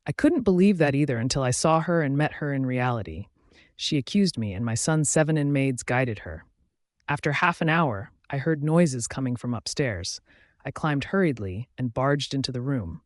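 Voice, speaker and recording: A man narrating a romance audiobook in the first person, in an earnest, hurried manner. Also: mid-range voice, animated, dry recording, studio quality.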